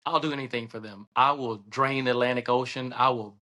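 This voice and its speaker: A man with a Southern American accent, a guest telling stories in casual conversation, animated and laughing often as he acts out voices. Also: mid-range voice, a little fast. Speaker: podcast guest, surgeon and state senator.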